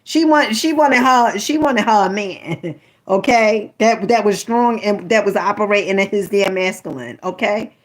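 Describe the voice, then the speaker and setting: A woman's voice: medium pitch, unhurried. A woman reading a book aloud to her listeners, stopping often to add sassy, chatty remarks, calling them honey. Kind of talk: casual commentary while reading aloud.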